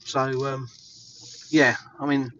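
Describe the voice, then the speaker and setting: A man's voice: medium pitch, flat delivery, slow pace, a bit bright, muffled recording, a little hiss or hum. An English man vlogging casually outdoors in the snow, chatty and rambling with lots of fillers. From England. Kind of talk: casual walking vlog.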